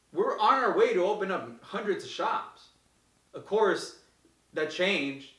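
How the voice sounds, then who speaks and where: A man giving casual, energetic advice to viewers as host, repeating himself and acting out the people in his stories. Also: high voice. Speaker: host answering viewer questions. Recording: echoey room, mic far off.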